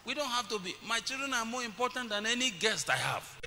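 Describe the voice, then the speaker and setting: A middle-aged pastor preaches in a church hall, recounting family stories and acting out his children's voices. He speaks fairly quickly in a very high, sing-song voice that's creaky, pushed and bright. The recording carries a long church reverb and faint hiss.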